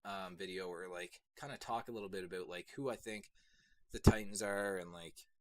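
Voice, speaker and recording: A young man reviewing an anime episode on his channel, rambling casually with lots of fillers and bursts of excitement. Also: low-pitched, moderate pace, dry recording. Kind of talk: casual solo video review.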